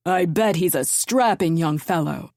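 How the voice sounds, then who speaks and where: Female narrator voicing a gruff, sneering grandfather, loud and low, dry audiobook read. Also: measured pace, no echo. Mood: bellowing. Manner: bellowing, contemptuous. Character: domineering gruff older man, grandfather. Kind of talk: audiobook character voice.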